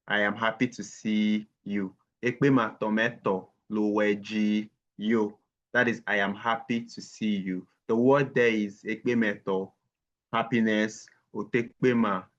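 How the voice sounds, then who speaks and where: Low-voiced man teaching over a call. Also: a bit bright. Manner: patient, slowly repeats words for learners. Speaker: language teacher. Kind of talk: online language lesson. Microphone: video call. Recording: dull lo-fi call audio.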